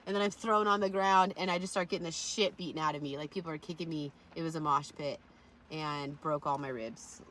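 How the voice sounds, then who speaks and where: Profane, animated woman telling wild stories. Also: sits low, brisk. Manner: profane, animated storyteller with sudden loud bursts. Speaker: vlogger. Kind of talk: casual rambling storytelling.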